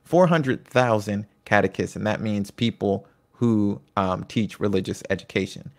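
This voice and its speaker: A man with a somewhat low, gravelly voice talks through a history lesson in a relaxed, conversational way. He breaks off into asides and personal stories as he explains. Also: normal speed. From United States. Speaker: Catholic history presenter. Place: home in Virginia.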